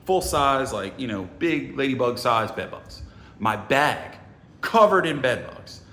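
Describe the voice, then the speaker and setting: A middle-aged man casually telling a story, animated and profane, who acts out the other people's voices. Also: medium pitch, unhurried, reverberant, slight background noise. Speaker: sales trainer telling a story.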